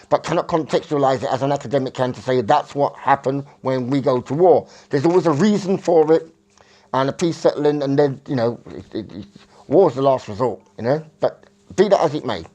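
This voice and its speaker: A man's voice: a little high, mellow. A man from England, talking in a rambling, self-correcting monologue that searches for words. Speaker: vlogger.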